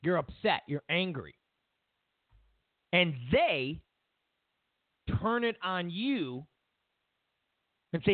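A man's voice: high-pitched, sing-song, very slow, pauses often, no room sound. A man hosting a political talk show, delivering an emphatic, opinionated monologue full of sarcastic hypotheticals. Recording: tinny phone-like audio.

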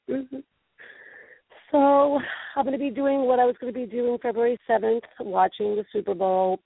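A woman hosting a casual internet radio talk show, sniffly with a cold, from New England, talking in an animated, rambling way. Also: a little high, a little slow, gravelly, pauses often, breathy edge, no echo. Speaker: show host. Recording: tinny phone-line audio.

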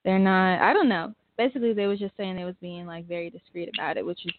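A woman co-hosting a casual podcast, presenting a topic with many pauses and filler words. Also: fairly low pitch, fairly even intonation. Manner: hesitant, lots of filler words. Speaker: co-host. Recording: phone-like thin sound.

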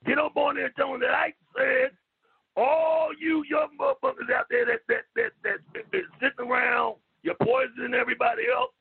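A man talking on a radio show, loud and profane, stammering and repeating himself, sometimes shouting. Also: very high-pitched, big pitch swings, brisk, creaky. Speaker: call-in guest. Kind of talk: loud rambling radio talk. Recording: lo-fi phone line.

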